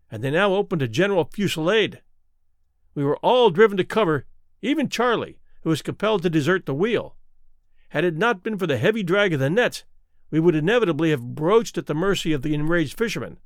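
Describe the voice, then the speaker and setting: Lively higher-voiced male storyteller. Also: dry recording, clean studio sound. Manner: expressive, rises and falls with the action. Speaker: audiobook narrator. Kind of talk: dramatic storytelling narration.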